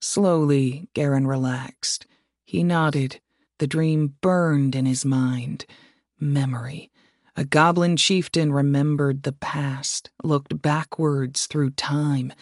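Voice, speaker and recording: A man reading fantasy fiction aloud as an audiobook narrator, in a measured, steady way. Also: fairly high pitch, no room sound, studio quality.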